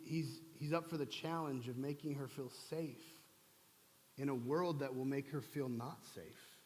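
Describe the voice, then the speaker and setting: A man preaching in a church, humorous and conversational in manner. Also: medium pitch. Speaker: pastor. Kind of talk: sermon. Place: church sanctuary. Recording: long church hall reverb.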